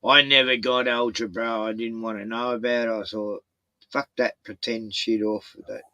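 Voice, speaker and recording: A man with an Australian accent spins relaxed stories in an easy, swearing chat. His voice is bright and forceful, and the sound is dry and close to the mic. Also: on the low side, normal speed, dry recording, poor audio. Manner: laid-back storytelling with swearing. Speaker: show host. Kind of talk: casual chat.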